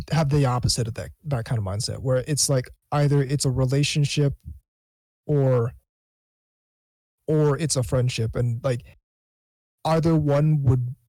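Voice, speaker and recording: Mellow-voiced man, dry close sound. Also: mid-range voice, dry recording, poor audio. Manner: halting, restarts often, thoughtful. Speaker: podcast guest. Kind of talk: casual podcast chat.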